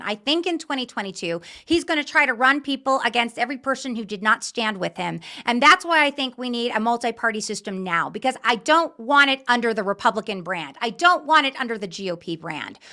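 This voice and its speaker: A woman's voice: a little high, very animated, a little fast, pushed and bright. A middle-aged woman hosting a political talk show, ranting in fiery, impassioned commentary.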